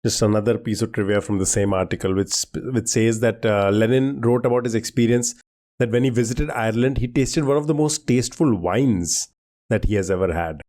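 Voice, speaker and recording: Man, quiz host, warm mellow tone, patient clues, casual chat. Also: on the low side, fairly quick. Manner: laughs often, gives clues patiently.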